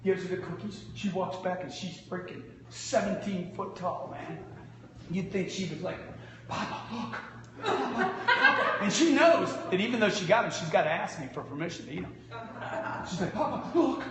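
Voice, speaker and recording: Loud cussing guy in his 50s, high voice, swings up and down a lot, echoey hall from far off. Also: expressive, moderate pace, crowd noise. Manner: loud, brash, profane, laughing. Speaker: motivational speaker. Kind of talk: energetic storytelling talk to a live audience.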